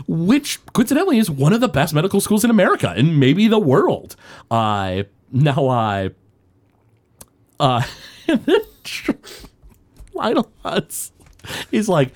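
A man's voice: on the high side, wildly swooping pitch, slow pace, long pauses. A man chatting casually as a podcast co-host, rambling through an episode recap with many filler words and frequent laughter.

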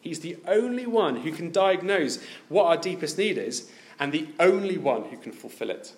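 A man's voice: on the high side, expressive, moderate pace. A man preaching a sermon, asking his listeners many direct questions.

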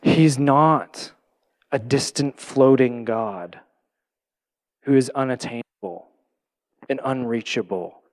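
In an earnest, reflective sermon, a man teaches from the Bible, posing questions to his listeners and softening to a quiet voice at tender moments. His pitch is medium, his pace slow, with long pauses.

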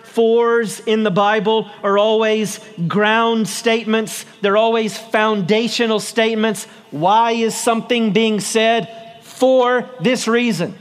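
A man preaching an outdoor Easter sermon as pastor, with slow emphatic stresses and repeated phrases. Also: sits high, fairly even intonation, smooth. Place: outdoors on a town square.

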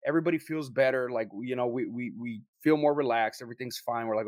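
A young man telling a story to friends in a casual, profane, animated way, acting out what people said. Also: medium pitch, fast, hardly any pauses, no room sound, studio quality. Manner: profane, animated storyteller who acts out quotes. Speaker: paranormal investigator telling a story.

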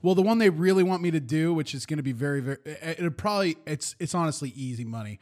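A man's voice: fairly high pitch, lively intonation, fast, darkish tone. Rambling casual male podcast co-host. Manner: rambling, with many fillers and restarts. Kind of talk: casual chat.

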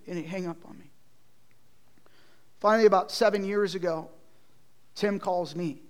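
A man with a high voice preaches a sermon. He tells a personal story with feeling, rising to loud passages and dropping to near-hushed ones. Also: normal speed, pauses often.

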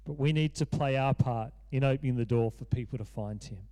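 A man's voice: mid-range voice, brisk, mellow. A man in his thirties preaching a sermon as pastor, earnest and repeating phrases for emphasis.

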